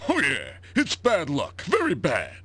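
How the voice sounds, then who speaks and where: A man's voice: on the high side, huge pitch swings, a little slow, sharp tone, husky, no room sound, heavily acted. An actor playing a cheerful, joking male village drinker in a video game, with a bubbly, singsong manner. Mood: jovial.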